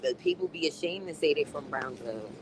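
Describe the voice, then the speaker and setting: A woman's voice: low voice, expressive, fairly quick. A woman from New chatting casually on a phone live stream, reading viewer comments, her voice muffled by a mask. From New York. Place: on a city bus. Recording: noisy phone recording on a moving bus.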